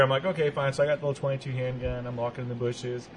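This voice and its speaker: A man's voice: mid-range voice, very fast, rough recording. A man from Texas, a podcast co-host telling profane childhood stories in casual chat. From Eagle Pass, Texas. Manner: profane, animated storyteller.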